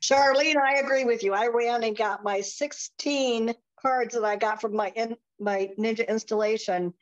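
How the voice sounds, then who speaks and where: A woman on a video call, eagerly asking for advice and excited to get started. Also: on the high side, moderate pace. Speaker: team member. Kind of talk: casual questions on video call. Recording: dull call audio.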